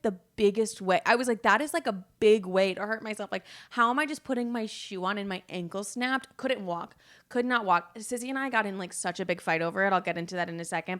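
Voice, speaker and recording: A woman's voice: mid-range voice, fairly bright tone. A woman in her twenties hosting her own podcast, chatting candidly and rambling, swearing freely and acting out quoted dialogue. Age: 20s. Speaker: podcast host. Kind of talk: casual chat.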